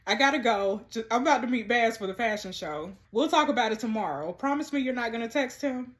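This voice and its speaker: A woman's voice: on the high side, animated, fairly quick, lightly acted. A woman reading text messages as a blunt, protective best friend who scolds firmly but cares. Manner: firm, scolding, caring.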